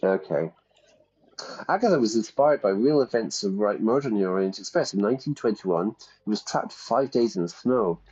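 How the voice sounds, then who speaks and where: A man streaming a detective game, reading the clues aloud and reacting loudly to each twist. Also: fairly low pitch, animated, normal speed, husky. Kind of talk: casual gameplay commentary. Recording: slightly dull lo-fi audio.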